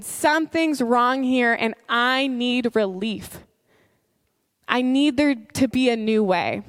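Woman preacher, earnest sermon delivery, slow and deliberate, dry close sound. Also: fairly high pitch, dry recording. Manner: earnest, reads scripture slowly with emphasis, some restarts. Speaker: pastor.

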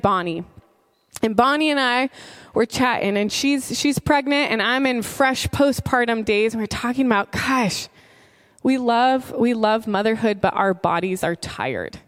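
A woman in her thirties preaching a sermon in an earnest, conversational storytelling manner, with heartfelt warmth. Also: on the high side, no echo, clean studio sound. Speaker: pastor.

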